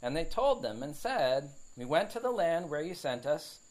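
Man teaching scripture with a higher voice. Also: sing-song, moderate pace, a little mellow, rough recording. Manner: explains verse by verse, frequent fillers and tag questions. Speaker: Bible teacher. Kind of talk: conversational Bible study teaching.

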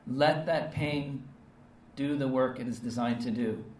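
A male preacher delivers an earnest, emphatic sermon and keeps checking in with short rhetorical questions. His voice sits at an ordinary pitch for a man. He is heard from some distance in a reverberant space with faint background ambience. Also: unhurried, a little mellow, a little hiss or hum. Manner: earnest, emphatic, with frequent rhetorical "right?" and "okay?" tags.

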